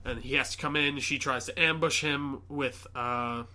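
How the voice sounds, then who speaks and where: A man hosting a podcast, chatting casually and excitedly retelling a movie with lots of fillers. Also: mid-range voice, moderate pace. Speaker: podcast host. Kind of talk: casual chat.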